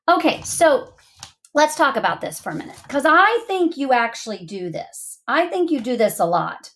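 A woman's voice: high voice, very animated, moderate pace, a bit bright. A middle-aged woman teaching a lesson to young students, encouraging and speaking directly to the children.

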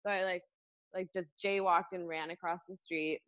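A young woman, a podcast guest, telling a story casually with lots of fillers and animated retellings. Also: lowish voice, normal speed, dry recording. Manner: animated, lots of fillers, acts out voices in anecdotes. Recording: dull, slightly lo-fi dry sound.

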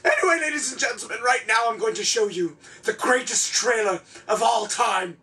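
A man hosting a comedic talk show in a theatrical, flustered, self-important manner, often shouting. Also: high-pitched, normal speed, recorded from a distance. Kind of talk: over-the-top comedic hosting.

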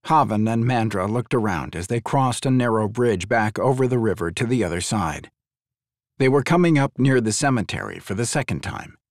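A male audiobook narrator with a mid-pitched voice that swings with lively intonation. The reading is dry and close, with no room sound. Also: moderate pace, dry recording. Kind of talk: scripted narration.

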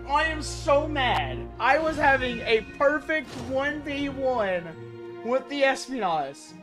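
A woman streamer giving excitable, chatty live gameplay commentary, breaking into mock-outraged rants. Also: high voice. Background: game music.

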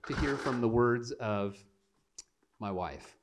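A young man preaching to his church, telling a childhood story with animated, self-mocking humor and acted-out voices. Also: medium pitch, slow pace, noisy background. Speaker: pastor. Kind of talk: storytelling sermon. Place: church sanctuary.

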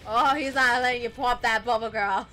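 A woman's voice: fairly high pitch, fairly even intonation, normal speed, bright, forceful tone, soft background music. A woman streaming a video game, chatting casually and giggling to her viewers while she plays. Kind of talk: casual live-stream chat.

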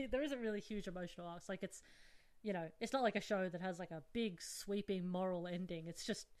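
A woman hosting a podcast in casual chat, playful and quick to laugh. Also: medium pitch, a little mellow, dry recording. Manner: giggly, playful and chatty. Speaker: podcast host.

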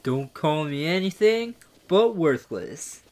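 An excitable gaming YouTuber narrates their own play, with a voice that leaps up and down through every reaction. They swear freely, joke at their own expense and take their time getting the words out. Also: mid-range voice, takes it slowly, a little hiss or hum. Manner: excitable, swears a lot, goofy self-mocking. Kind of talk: let's play commentary.

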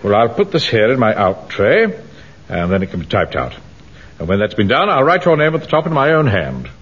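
An actor playing a pompous, self-important middle-aged bank manager who also commands a platoon, in a 1970s radio sitcom. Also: male voice, lowish voice, very animated, brisk, fairly bright tone, breathy edge, exaggerated voice. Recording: dull old radio recording with faint hiss.

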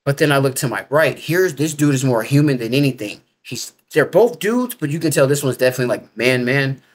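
Animated and brisk, this man speaks in a medium-pitched voice as an interview guest. He rambles through his story in a casual way, leaning heavily on "like" and other fillers, with informal grammar.

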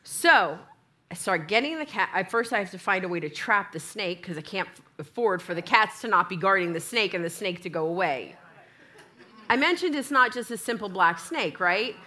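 Woman preacher, bright forceful voice, animated storytelling, church sermon. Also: mid-range voice, normal speed. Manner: animated storytelling, acts out both sides of dialogue. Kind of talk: sermon with a funny personal story.

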